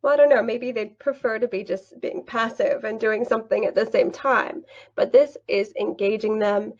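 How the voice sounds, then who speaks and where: A woman's voice: on the high side, normal speed, darkish tone, no room sound, highs cut off. A woman teaching an online English lesson, upbeat and encouraging, praising students often.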